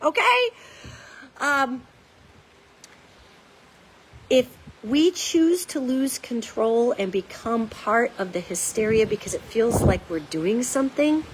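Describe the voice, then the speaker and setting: A woman's voice: on the high side, expressive, slow, long pauses, a little hiss or hum, rough recording. A woman host giving an urgent, emphatic monologue straight to her viewers, folksy and blunt, with casual swearing. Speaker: psychic commentator and show host. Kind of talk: direct-to-camera monologue.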